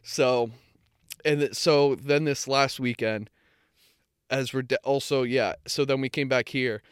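A man's voice: medium pitch, steady tone, a little slow, smooth, no room sound, clean studio sound. A young man co-hosting a podcast, telling a rambling story in casual chat, swearing freely and often correcting himself. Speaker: podcast co-host.

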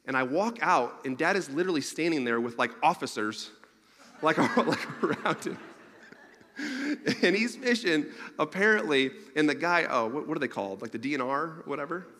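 A man tells a rambling, self-mocking story from the pulpit, animated and quick to laugh at himself. His voice sits fairly high and rings bright and forceful. It carries the long reverb of a large hall. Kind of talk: storytelling sermon to an audience.

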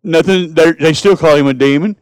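A man preaching a sermon as pastor, climbing to loud passionate cries and then dropping to a soft, hushed plea. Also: fairly high pitch, brisk, smooth, dry recording, rough recording.

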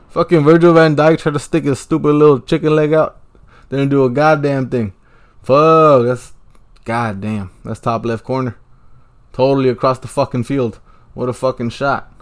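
A man hosting a podcast, casually commentating a football match as he watches it, swearing often and jumping between laid-back talk and excited outbursts into a handheld mic. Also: medium pitch. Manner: profane, excitable reactions. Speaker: podcast host.

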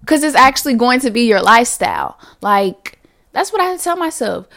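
A young woman hosting a casual solo podcast, chatty and candid, full of slang, dropping to whispered asides and then rising to loud bursts. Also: fairly high pitch, big pitch swings, fairly quick, creaky. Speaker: podcast host.

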